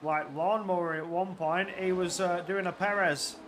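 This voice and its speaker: A man giving live commentary on an online sim race, getting loud and excited at crashes and overtakes. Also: sits high, moderate pace, slight background noise.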